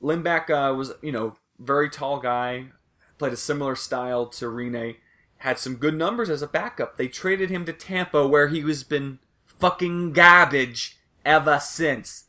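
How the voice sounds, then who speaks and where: Bright-voiced young man hosting a podcast. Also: fairly high pitch, unhurried. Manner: rambling, loose, swears casually. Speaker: podcast host. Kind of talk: casual sports podcast chat.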